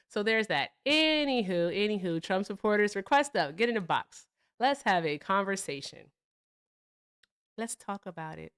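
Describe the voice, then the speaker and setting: A woman's voice: medium pitch, clear, resonant tone. Chatty, blunt woman live-stream host. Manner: chatty, blunt, swears freely, shout-outs to viewers. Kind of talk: casual live-stream chat.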